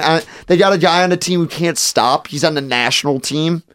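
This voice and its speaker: A man co-hosting a casual chat, talking in an animated, rambling way with lots of fillers. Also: a little high, a little fast, few pauses, no echo, studio quality. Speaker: podcast co-host.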